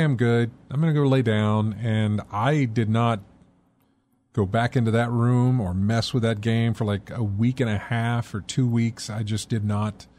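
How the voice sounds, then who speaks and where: A man hosting a call-in talk show, chatting casually with callers and giving quick friendly affirmations. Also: medium pitch, darkish tone. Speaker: host.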